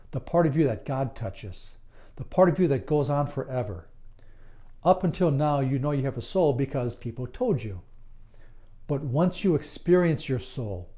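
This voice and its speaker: A man speaking as a certified hypnotist in a slow, earnest promotional monologue, calm and deliberate with long soothing pauses. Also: mid-range voice.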